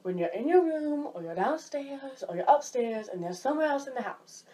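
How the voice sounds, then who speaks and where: A woman talking casually to camera in a vlog, animated, jumping high when she mimics people and dropping low for asides. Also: moderate pace. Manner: drops low and quiet for asides. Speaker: vlogger.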